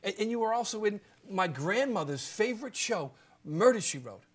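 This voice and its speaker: A man's voice: high-pitched, big pitch swings, moderate pace, heavy background noise. A man hosting a late-night talk show, joking with his guest and laughing often. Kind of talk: casual talk show interview.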